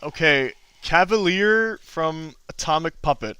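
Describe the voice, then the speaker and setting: A man's voice: fairly high pitch, lively intonation, unhurried, bright, forceful tone, clear, resonant tone, no room sound. A man casually chatting on a drawing livestream, easygoing and self-deprecating, chuckling often as he answers chat. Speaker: artist streaming drawing requests and Q&A.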